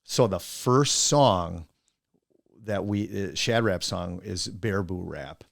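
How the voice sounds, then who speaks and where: A middle-aged man from Wisconsin with a very low, gravelly voice tells loose, meandering stories in a casual interview. He sounds close and dry, with no room around him. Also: slow, no echo. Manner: rambling, animated storyteller who mimics friends. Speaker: podcast guest, coach and teacher.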